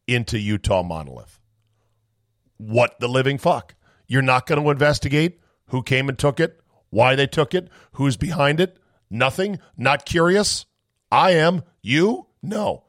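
A man hosting a podcast, ranting in a sarcastic, incredulous way and firing off rapid questions with some swearing. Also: medium pitch, animated, a bit bright, dry recording, studio quality. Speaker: podcast host. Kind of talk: animated comic rant and chat.

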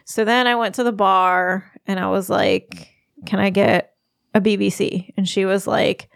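Giggly woman with a gravelly voice. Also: mid-range voice, steady tone, unhurried, dry recording, clean studio sound. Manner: giggly, laughs often while telling stories. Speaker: podcast co-host. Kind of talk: casual chat, travel story.

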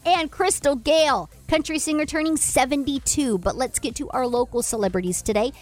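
A woman's voice: high voice, a little fast. A woman co-hosting a radio morning show, chatty as she reads out birthdays. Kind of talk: upbeat radio banter. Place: radio studio. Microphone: studio microphone.

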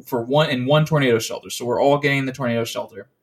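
A man's voice: medium pitch, fast. A man in casual podcast chat, telling a long story in a rambling, profane way, full of restarts.

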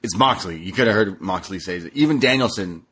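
A man's voice: sits low, lively intonation, fairly quick, a bit bright, husky. A man co-hosting a podcast, recapping a wrestling show in a loose, jokey way with plenty of swearing. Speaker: podcast co-host. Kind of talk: casual wrestling recap chat.

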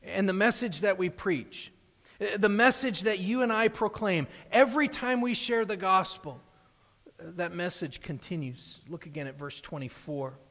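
Brief: male pastor, earnest sermon delivery, a bit high-pitched, reverberant sanctuary. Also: moderate pace, fairly bright tone. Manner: earnest preaching, rising emphasis, frequent restarts. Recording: long hall reverb.

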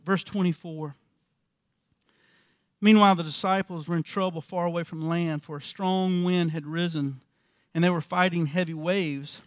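A man in his fifties with a fairly high voice delivers an earnest church sermon. He asks the congregation rhetorical questions and often repeats words as he goes. The sound is dry and close, with almost no room echo. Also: steady tone, moderate pace. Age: 50s. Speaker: pastor.

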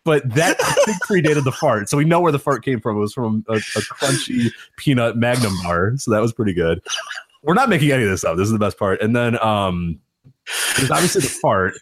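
A man co-hosting a podcast, telling stories in an animated way, laughing often and acting out quotes in casual chat. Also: medium pitch, a little fast, slight background noise. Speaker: podcast co-host.

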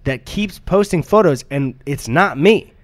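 A man's voice: on the high side, animated, a little slow, no echo. A young man co-hosting a podcast, telling rambling stories in casual chat and laughing often. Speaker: podcast co-host.

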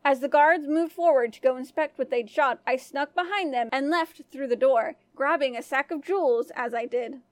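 A woman storyteller giving scripted first-person narration of a folk tale in an even, clear manner. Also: high voice, moderate pace, hardly any pauses, no room sound.

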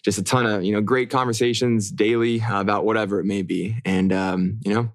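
Young guy cohosting a podcast, kinda low voice, rambles with lots of ums, dry close sound. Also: no room sound. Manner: relaxed, rambling with many fillers. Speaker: podcast co-host. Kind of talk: casual chat.

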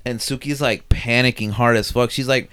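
A young man hosting a podcast, telling an animated story with lots of swearing and laughter. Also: mid-range voice, moderate pace, smooth. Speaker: podcast host. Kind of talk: casual chat.

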